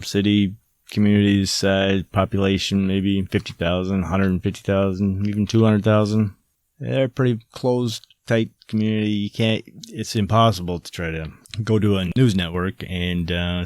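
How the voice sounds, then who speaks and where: A deep, low-pitched man rants into the microphone, swearing often and dripping with sarcasm. The sound is dry and close, with no room around his voice. He hosts his own podcast. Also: no echo. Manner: profane, ranting, sarcastic. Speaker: podcast host. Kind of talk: angry monologue.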